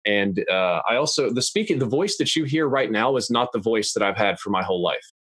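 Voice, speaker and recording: A young adult man talking in a measured, analytical, plain-spoken way as a podcast guest. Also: fairly low pitch, lively intonation, fairly bright tone, husky, no room sound. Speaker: guest YouTuber. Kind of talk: casual podcast interview. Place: podcast studio.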